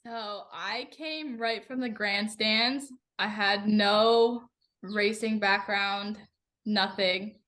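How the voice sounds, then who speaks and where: A young woman guest on a racing podcast, chatting in a bubbly, animated way full of "like" fillers. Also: medium pitch, very slow. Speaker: guest racer. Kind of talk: casual podcast chat.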